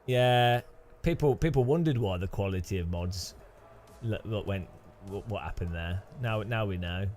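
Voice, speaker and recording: A man's voice: on the low side, normal speed, a little mellow, slight background noise. A man hosting a casual sim racing gameplay commentary, rambling and joking and laughing often between thoughts. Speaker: sim racing channel host.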